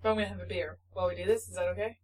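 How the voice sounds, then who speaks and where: A woman's voice: on the low side, steady tone, very fast, a little mellow, low-quality recording. A woman co-hosting a book podcast, chatting casually in playful, joking banter. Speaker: podcast co-host. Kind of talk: casual chat.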